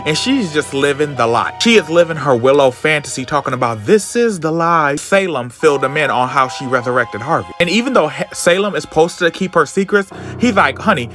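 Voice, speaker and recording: A man's voice: fairly high pitch, expressive, a little fast, hardly any pauses, a bit bright, faint music behind. Campy, sassy man telling a story. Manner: campy, sassy asides, swearing. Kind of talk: casual comic book story summary.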